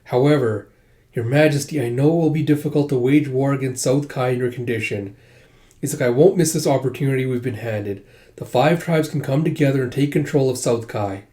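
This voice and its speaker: A man's voice: medium pitch, fairly quick, mellow. A man casually recapping a manga volume, acting out the characters' lines in raised voices as he goes. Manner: chatty, acts out characters' lines in lifted voices. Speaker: manga reviewer.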